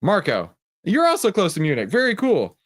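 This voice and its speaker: Sitting high in pitch with huge swings, a Texas-accented man's voice moves at normal speed as he runs his live stream. He jokes around casually and welcomes viewers by name.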